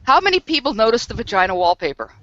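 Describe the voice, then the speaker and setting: A woman co-hosting a casual group video chat, animated and quick to laugh, over dull lo-fi online call audio. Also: fairly high pitch, no room sound.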